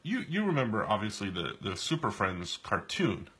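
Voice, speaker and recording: In a lowish, husky voice that's a bit bright and sing-song, a New York man talks casually at normal speed while drawing on a live stream he co-hosts, telling meandering stories with many restarts.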